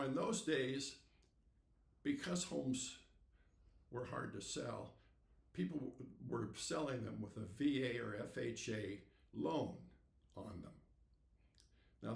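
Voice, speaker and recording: A man in his eighties hosting a podcast, telling stories in a folksy, unhurried way and acting out the dialogue. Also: medium pitch, gravelly, roomy sound. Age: 80s. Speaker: podcast host. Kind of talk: storytelling monologue.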